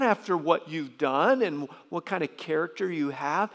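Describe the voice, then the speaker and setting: A man preaching a sermon as pastor, emphatic, often jumping into loud, high bursts. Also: moderate pace, few pauses. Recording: long reverb of a large hall.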